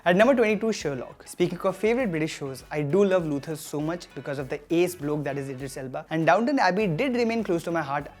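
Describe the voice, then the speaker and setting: Quick chatty host doing a tv countdown, upbeat and jokey, mid-pitched voice, bit of music underneath. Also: lively intonation, darkish tone. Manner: enthusiastic, quick, jokey asides. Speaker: host of an online TV review show. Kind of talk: scripted countdown review.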